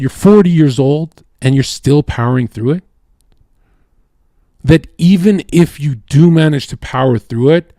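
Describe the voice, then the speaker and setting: A man's voice: mid-range voice, mellow, no echo, clean studio sound. A man streaming live, talking in a casual, profane, rambling way and often saying "bro" and "like". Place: home streaming setup.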